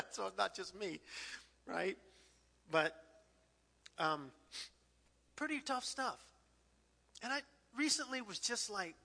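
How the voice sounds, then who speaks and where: A man in his fifties, a pastor giving an emotional, halting sermon, often repeating words and laughing through tears. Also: sits high, bright, forceful tone, husky, long reverb tail. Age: 50s. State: tearful.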